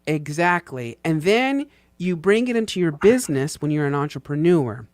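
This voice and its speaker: A man's voice: on the high side, sing-song, moderate pace, no room sound. A man co-hosting a casual chat, talking earnestly and bluntly, swearing casually. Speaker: co-host.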